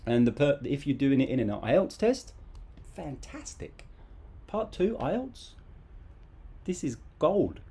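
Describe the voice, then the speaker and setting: A man teaches English grammar to a live online audience. His voice is mellow and warm, his manner loose, playful and chatty. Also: medium pitch. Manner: casual, playful, lively.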